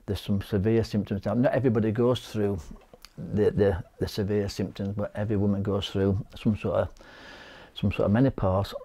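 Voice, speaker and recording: A middle-aged, bereaved husband with a Yorkshire accent gives personal testimony as an interviewee in a low, dark, slightly rough voice with flat delivery. He tells his story haltingly, stumbling over and repeating words, and acts out the conversations he recounts.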